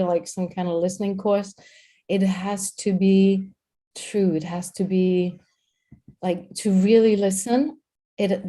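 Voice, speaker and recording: Energetic woman coach, mellow voice. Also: mid-range voice. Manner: energetic, repeats words, talks to a co-host. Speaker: host and communication coach. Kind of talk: live-streamed coaching talk.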